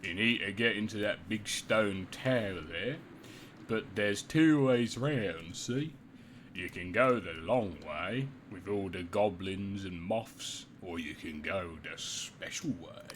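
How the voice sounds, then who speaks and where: A man with a British accent voicing a gruff old male townsman who has lived sixty years in a ruined town, telling it in a slow, folksy way. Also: fairly low pitch, fairly bright tone, slight background noise, pitched below the performer's own voice.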